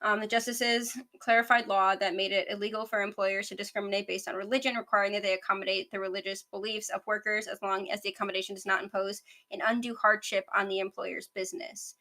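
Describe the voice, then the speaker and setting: A woman in her twenties hosting a podcast, chatting about the news in a fast, rambling way. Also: medium pitch, level tone, sharp tone. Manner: fast, rambling, self-aware talker. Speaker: podcast host. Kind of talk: casual news chat.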